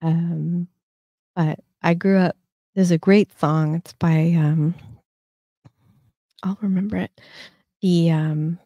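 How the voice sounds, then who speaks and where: A woman's voice: lowish voice, fairly even intonation, slow, long pauses, dark tone, no room sound, dull audio. A woman in her fifties hosting a casual livestream, telling stories with lots of fillers and restarts. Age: 50s. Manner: rambling storyteller, many fillers and restarts. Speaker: host.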